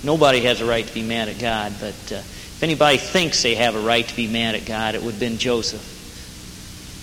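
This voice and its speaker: Earnest preaching man, bright voice. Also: medium pitch. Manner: earnest, plain-spoken preaching with rising emphasis. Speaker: jail ministry preacher. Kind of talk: sermon. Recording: hall reverb with faint noise.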